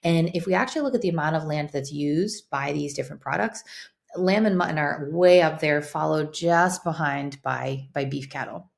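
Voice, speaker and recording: Fast-talking woman teacher, low and gravelly. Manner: fast, chatty, with many ums and likes. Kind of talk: recorded science lesson.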